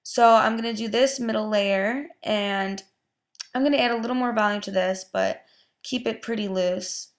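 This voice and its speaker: A woman's voice: fairly high pitch, normal speed. A young woman giving a casual hair tutorial, chatty and full of "like" and "um". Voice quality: gravelly vocal fry. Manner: chatty, lots of "like" and "um". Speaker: beauty vlogger.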